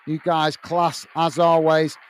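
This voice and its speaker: A man's voice: a little high, flat delivery, slow pace. Chatty man reading chat aloud. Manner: chatty, friendly, reads viewer comments aloud with many uhs. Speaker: host reading live chat. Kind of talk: casual live-stream chat.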